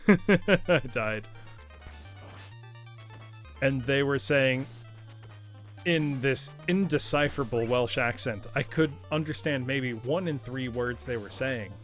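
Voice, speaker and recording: An American streamer with a medium-pitched, slightly bright voice hosts a live game stream, unhurriedly telling a story, laughing often and reading chat aloud. Faint music plays in the background.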